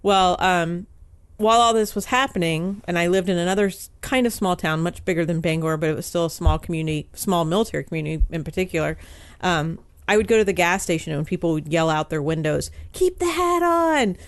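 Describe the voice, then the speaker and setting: A woman's voice: lowish voice, fairly even intonation, fast, clean tone, no echo. Chatty storytelling woman columnist. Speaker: guest author, newspaper columnist. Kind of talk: casual podcast interview.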